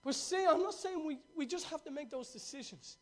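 High-voiced preacher. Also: male voice, lively intonation, brisk. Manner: fervent, storytelling, swings from loud to hushed. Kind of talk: sermon.

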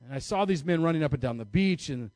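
A man's voice: a little high, expressive, fast talker, darkish tone, dry recording. Chatty self-mocking American preacher man. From United States. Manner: chatty and self-mocking, laughing at himself, many fillers. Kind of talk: storytelling sermon to an audience.

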